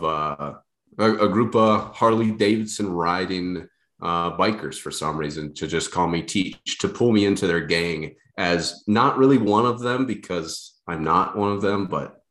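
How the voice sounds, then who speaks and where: A man's voice: low voice, lively intonation, moderate pace, a bit bright. A young man co-hosting a podcast, talking in a casual, rambling, self-deprecating way with lots of restarts. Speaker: podcast co-host. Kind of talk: casual chat.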